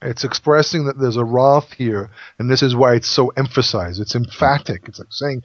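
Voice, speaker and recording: A man discussing a Bible passage in casual conversation, animated, often voicing the quoted speech. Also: normal speed, hardly any pauses, no echo, highs cut off. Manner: animated, acts out quoted speech with rising pitch. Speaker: Bible study co-host.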